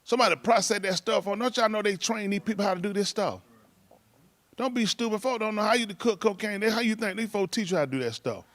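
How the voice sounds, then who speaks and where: A high-voiced man tells stories fast in casual talk, captured on a dry recording. His rambling delivery is loose, full of laughs and shouted impressions.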